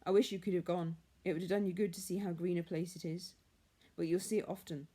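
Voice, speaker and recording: A woman voicing a gentle, grieving middle-aged male clerk in a storybook reading, soft and halting. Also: on the low side, steady tone, lightly acted. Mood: tender.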